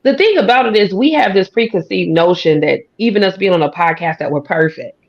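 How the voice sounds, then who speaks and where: A woman's voice: medium pitch, animated, brisk, highs cut off. A woman with a country twang talking as a podcast guest, folksy and emphatic with a drawl. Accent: American country twang. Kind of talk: casual conversation. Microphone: studio or podcast mic.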